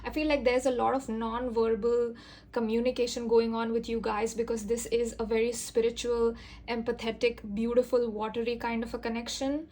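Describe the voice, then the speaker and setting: A woman giving an intuitive tarot reading, speaking gently and earnestly with a reassuring, soft-spoken manner and frequent fillers. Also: a little high, level tone, moderate pace. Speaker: tarot reader.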